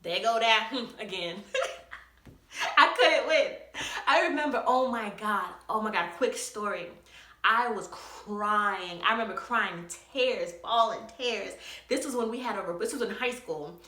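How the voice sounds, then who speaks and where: Animated young woman telling a story. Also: medium pitch, measured pace, roomy sound. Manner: animated, laughs often, acts out quotes. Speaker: vlogger. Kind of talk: casual storytime.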